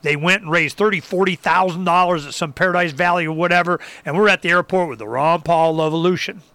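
A man with a high, bright and clear voice, recorded dry and close. He talks casually and animatedly, acting out other people and whooping now and then. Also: fast talker, no room sound. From Arizona. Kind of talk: casual political talk.

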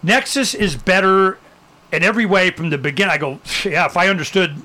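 A man's voice: high voice, a little fast, bright, forceful tone. A man hosting a casual interview, talking bluntly and with lots of energy, dropping light swears. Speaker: host.

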